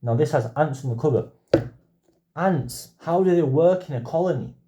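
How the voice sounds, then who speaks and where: Male book vlogger, dry humor, relaxed casual reads, low room hiss. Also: moderate pace. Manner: wry, chatty, reads titles aloud. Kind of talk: casual book haul commentary.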